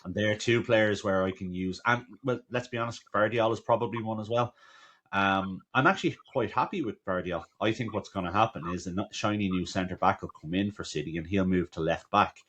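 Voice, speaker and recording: A deep-voiced man co-hosting a casual fantasy football podcast. He often restarts his sentences and stacks up his words as he talks. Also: fairly quick, fairly bright tone, muffled recording.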